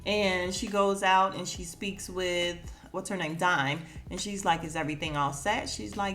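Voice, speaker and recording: A woman's voice: on the low side, a little slow, fairly bright tone. A woman hosting a podcast, recapping an episode in a casual, chatty way, laughing and acting out the characters' lines. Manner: chatty, laughs often, acts out quotes. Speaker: podcast host.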